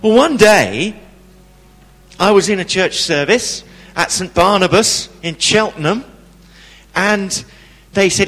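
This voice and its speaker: A man giving a testimony sermon, telling a personal story with lively delivery and acting out the people he quotes. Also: high voice, takes it slowly, in a large hall.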